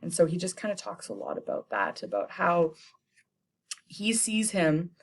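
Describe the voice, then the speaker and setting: A young woman teacher retelling a play for students in a chatty, slangy way, tossing in quick playful character voices. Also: fairly low pitch, big pitch swings, gravelly.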